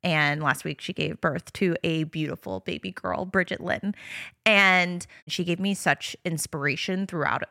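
Chatty bright-voiced woman podcast host. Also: low-pitched, a little slow, vocal fry, no room sound, clean studio sound. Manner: chatty, rambling, laughs often. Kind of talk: casual chat.

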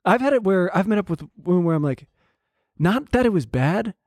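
A man's voice: high-pitched, lively intonation, fairly quick, darkish tone, no echo, studio quality. Man telling rambling dating stories. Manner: rambling storyteller, acts out quotes. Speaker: podcast co-host. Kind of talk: casual chat.

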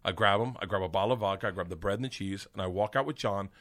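A middle-aged man, a comedian guest, telling an animated story with lots of swearing and high-pitched quoted voices. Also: very fast. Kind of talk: casual storytelling.

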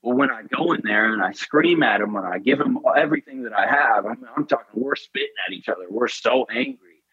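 A man's voice: mid-range voice, expressive, a little fast, husky, no echo, phone-quality sound. A man in an interview, telling a personal story in an earnest, intense way. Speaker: podcast guest.

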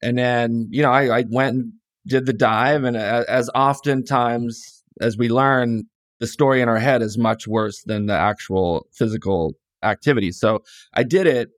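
A man's voice: medium pitch, moderate pace, no room sound, clean studio sound. A middle-aged man from California, casually telling stories in an interview with lots of restarts and quoted dialogue. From California, USA. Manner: relaxed, rambling, frequent restarts and quoted dialogue. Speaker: guest author.

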